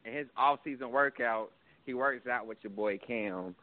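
A man calling into a sports podcast, boastful and chatty, telling a drawn-out story. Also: medium pitch, narrow, tinny audio. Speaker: caller. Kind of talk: casual sports banter.

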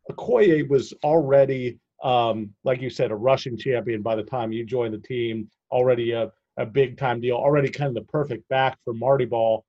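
A man hosts a podcast interview in an easygoing tone, leading his guest with long, winding questions. His voice sits in a middle pitch. The sound is muffled and dull. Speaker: podcast host. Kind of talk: conversational interview hosting.

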